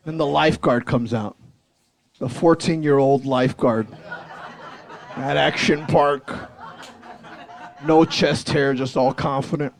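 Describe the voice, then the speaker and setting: A man in his forties performing a high-energy stand-up set, telling a story animatedly on a comedy club stage. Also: steady tone, slow, vocal fry, pauses often.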